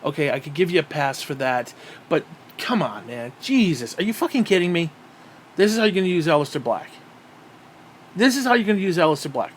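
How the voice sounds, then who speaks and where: A wrestling reviewer delivers a profane, exasperated solo rant, sighing often. His voice is fairly high, sing-song, and fast, with a faint hiss or hum in the audio.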